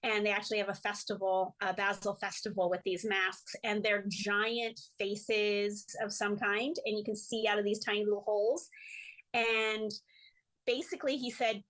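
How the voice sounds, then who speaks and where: A woman guest in an interview, telling lively stories, often laughing and acting out the voices of the people she quotes. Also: medium pitch, normal speed, poor audio. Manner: animated storyteller, laughs often. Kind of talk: casual storytelling interview.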